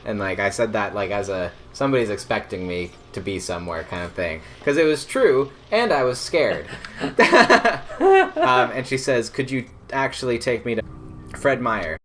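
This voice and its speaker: Young man, casual storyteller, bright tone, loose filler-heavy delivery with a little hiss behind. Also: mid-range voice, lively intonation, moderate pace. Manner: rambling, filler-heavy, laughs through the tale. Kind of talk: casual chat, telling a personal story.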